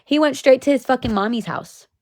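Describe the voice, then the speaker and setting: A woman's voice: sits high, a little fast, a little mellow, no echo, studio quality. Heated, profane young woman venting. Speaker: vlogger. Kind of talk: casual storytime rant.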